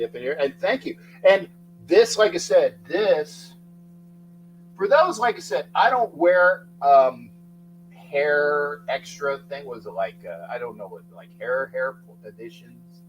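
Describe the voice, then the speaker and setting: Middle-aged male sports streamer, lively up-and-down delivery, slightly high voice, shouty greetings, rambling chat. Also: poor audio. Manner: excitable, shouts out viewer names, rambling. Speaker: livestream sports talk host. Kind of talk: casual livestream chat greeting viewers.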